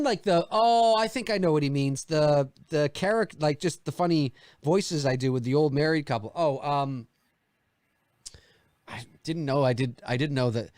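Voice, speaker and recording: Man, podcast host, casual chat, crude jokes, lively swinging voice, dry close sound. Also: a little high, dry recording. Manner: animated, joking, crude; reads listener questions aloud.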